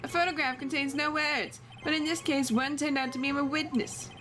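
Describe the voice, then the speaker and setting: A woman's voice: high voice, fairly even intonation, a little fast, pushed and bright, soft background music. A woman reading the lines of a gloating male masked thief on trial in a courtroom game, in her own voice. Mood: smug. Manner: gloating, self-satisfied.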